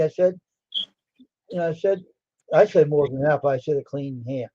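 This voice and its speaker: A man's voice: on the high side, moderate pace, pauses often, dark tone, slightly rough, no room sound. Rambling storyteller man, dull lo-fi. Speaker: livestream host. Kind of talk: casual storytelling.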